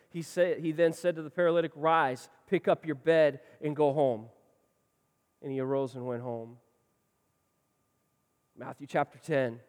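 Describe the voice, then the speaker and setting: A man preaching a sermon as pastor, swinging between loud passionate lines and quiet ones. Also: fairly high pitch, big-room sound.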